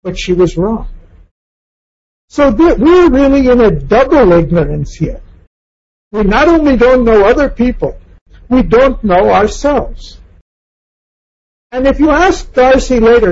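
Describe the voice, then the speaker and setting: A man's voice: very high-pitched, big pitch swings, unhurried, pauses often, darkish tone, lo-fi sound, slight background noise. A man giving a reflective lecture on a novel, asking questions and acting out quoted lines in passing.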